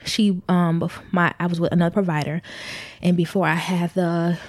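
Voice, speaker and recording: A woman's voice: on the low side, level tone, moderate pace, dry recording, clean studio sound. A young pregnant woman candidly telling a personal story to her viewers, rambling a little and speaking to them directly. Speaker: vlogger.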